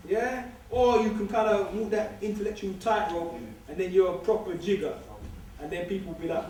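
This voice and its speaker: A man lectures a student society in a loose, streetwise way, hammering points home by repeating them. His voice sits fairly high for a man and sounds distant, caught from across a big lecture hall with heavy echo and faint hiss behind it. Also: moderate pace, a little mellow. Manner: streetwise, joking, emphatic repetition. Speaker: guest speaker. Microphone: far room recording. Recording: distant echoey hall recording.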